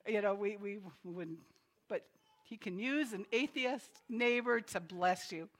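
A woman's voice: mid-range voice, unhurried. A woman preaching a sermon in a chatty manner, laughing between her remarks. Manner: chatty, laughs often, tells jokes. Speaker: pastor.

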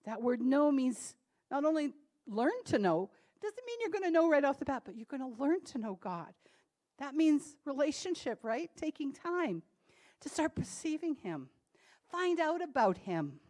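Animated woman preaching a lively sermon. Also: sits high. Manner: animated and conversational, laughing asides, dramatic pauses.

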